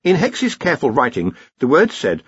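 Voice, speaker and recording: Guy reading an audiobook, husky voice, swings way up and down, dry close sound. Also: fairly high pitch, normal speed, dry recording, dull audio. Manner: expressive, wry storytelling. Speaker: audiobook narrator.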